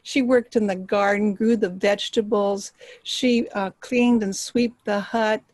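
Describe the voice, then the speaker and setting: A woman storyteller telling a folktale aloud, expressive and dropping to hushed tones for suspense. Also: mid-range voice, a little slow, no echo, rough recording. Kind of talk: live oral storytelling.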